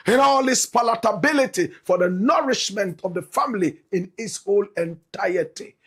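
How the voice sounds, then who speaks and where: A Ghanaian man with a Ghanaian English accent hosting his show, opening with a flamboyant, repetitive, preacher-like patter and a sponsor pitch. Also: breathy edge. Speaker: show host.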